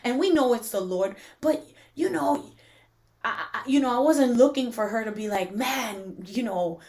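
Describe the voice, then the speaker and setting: A woman in her forties co-hosting a casual faith podcast, telling stories with lots of laughter and many "like" fillers, sometimes going soft and hushed. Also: a little high, moderate pace. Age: 40s. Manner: animated storyteller, laughs often, drops to a hushed tone when preaching. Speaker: podcast co-host.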